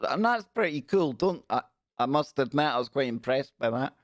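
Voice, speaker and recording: A man's voice: mid-range voice, animated, moderate pace, no echo. A man hosts a casual livestream, wry and joking as he reads news aloud. His voice sits in a middle register. The sound is dry and close, with no room around it. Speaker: livestream host. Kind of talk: casual live-stream commentary.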